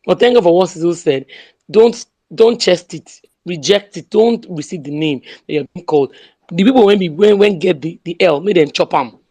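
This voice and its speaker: A woman's voice: on the low side, normal speed, dark tone, slightly rough. A woman with a Nigerian accent giving an impassioned political speech, emphatic and repeating her slogans. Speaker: speaker in an online audio room.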